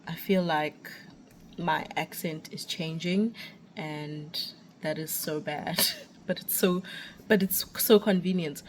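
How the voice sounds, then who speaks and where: A woman's voice: sits low, slow pace, a little hiss or hum. A young woman with a South African accent, a teacher abroad, chatting and ranting casually while walking outdoors with a phone. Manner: chatty ranting, animated and expressive. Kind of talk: casual walking vlog chat.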